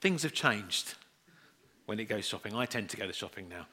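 A man's voice: lowish voice, lively intonation, fast, sharp tone. A middle-aged man preaching a sermon, telling chatty, self-deprecating family stories and acting out the voices in them.

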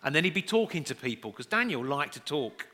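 A man's voice: fairly high pitch, sing-song, brisk, pushed and bright. A middle-aged man preaching a sermon, telling chatty, self-deprecating family stories and acting out the voices in them.

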